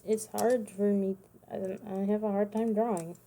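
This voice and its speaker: Woman in her thirties, tired casual streamer, rambling chatty delivery, mellow middling voice. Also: medium pitch, little pitch movement, moderate pace, vocal fry. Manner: rambling, self-correcting, chatty asides. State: tired, yawning. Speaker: streamer making custom cards. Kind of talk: casual livestream chat.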